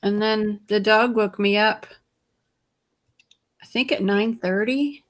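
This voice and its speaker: A woman's voice: mid-range voice, slow pace. A tired woman guest chatting casually on a live stream, rambling and correcting herself as she talks. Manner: rambling, relaxed, self-correcting. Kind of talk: casual chat.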